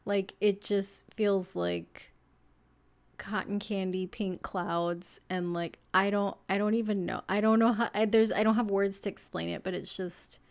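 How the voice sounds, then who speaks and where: A young woman talks softly and loosely through an astrology reading, her sentences wandering and padded with "like" and "um". She is emotional and near tears, her voice welling up as she goes. Her pitch sits in a middle range for a woman. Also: steady tone, measured pace, vocal fry. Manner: soft, rambling, full of "like" and fillers. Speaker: tarot reader.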